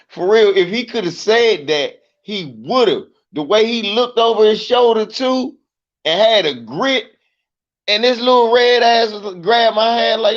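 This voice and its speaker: A man telling profane stand-up stories, animated and acting out the people in them. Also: sits high, measured pace, lo-fi sound. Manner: profane, animated, mimics voices. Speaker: comedian. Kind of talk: stand-up storytelling.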